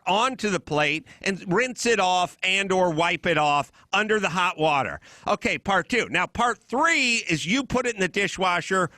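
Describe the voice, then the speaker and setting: A man's voice: sits high, sharp tone, dry recording. A middle-aged man hosting a podcast, ranting in an exasperated comic way, swearing freely and mocking other people's voices. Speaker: podcast host. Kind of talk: comedic rant. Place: hotel room.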